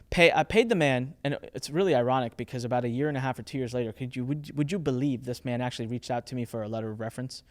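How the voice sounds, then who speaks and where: A man's voice: fast, few pauses. A man in his thirties telling a candid story about running a business, acting out the people he quotes. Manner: animated, acts out quoted people with shifting pitch.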